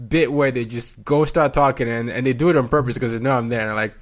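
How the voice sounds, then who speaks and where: A man from Nigeria hosting an interview, enthusiastic and quick to laugh and exclaim. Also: medium pitch, steady tone. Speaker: host. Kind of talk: casual interview chat.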